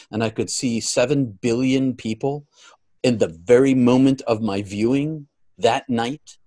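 Here a man appears as a guest and tells his own story in an earnest way. The high points push his volume up, while the closing stretch turns soft.

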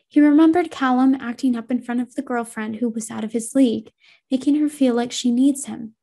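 A woman reads a horror story aloud in a slow, suspenseful style. Her voice is warm and dark-toned, with a gravelly fry at the ends of her phrases. Her pitch sits slightly high for a woman. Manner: measured and suspenseful, whispers sound effects. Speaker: narrator. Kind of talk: scripted horror story reading.

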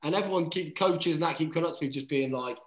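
A man's voice: fairly high pitch, fast talker, echoey room, rough recording. A man, a rugby player, telling a story in casual chat, swearing freely and acting out quotes, calling everyone mate. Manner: animated, acts out quotes.

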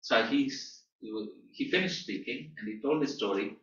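A man tells a story to a class in a lively, animated way, his voice leaping up for emphasis and sinking low for quiet moments. His tone is bright and forceful. He is recorded from across a roomy, echoing space, and the sound is a little dull. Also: normal speed. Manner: animated storyteller, emphatic rises and soft drops. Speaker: guest teacher. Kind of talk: storytelling lecture. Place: teaching room at a training school. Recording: echoey room, far from mic, dull sound.

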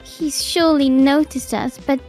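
A woman doing a high fretful young mom. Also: fairly even intonation, measured pace, darkish tone. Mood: worried. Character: timid worried young mom. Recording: faint kids' music behind.

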